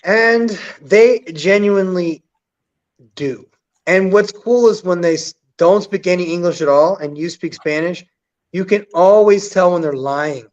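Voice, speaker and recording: A man telling a story in a casual, crude, blunt way, full of swearing and lively acted-out quotes. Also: high voice, a little slow. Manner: profane, blunt, animated, acts out quotes. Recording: dull lo-fi sound.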